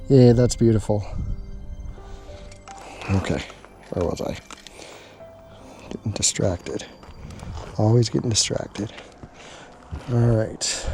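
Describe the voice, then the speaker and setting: At a camp cooking spot, a man films a casual vlog, chatting, joking and talking to himself over the food. He speaks slowly in a fairly low pitch, pausing often. Music runs in the background.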